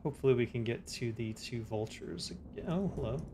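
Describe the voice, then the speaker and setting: A man streaming a game live, chatting casually and answering his chat in a relaxed way. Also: medium pitch, a little fast, background noise.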